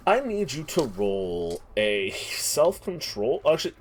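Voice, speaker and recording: Acting as game master for a tabletop game, a man narrates scenes with drama and description, frequently restarting and calling for players' rolls. His mid-range voice is very animated but slow, and there's a little hiss or hum in the recording.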